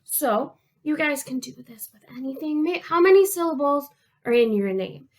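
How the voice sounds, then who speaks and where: A woman's voice: sits high, lively intonation. A young woman who works as a children's librarian, teaching kids in a friendly way and asking them questions as she goes. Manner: friendly, talks straight to kids with questions and pauses. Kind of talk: children's storytime lesson.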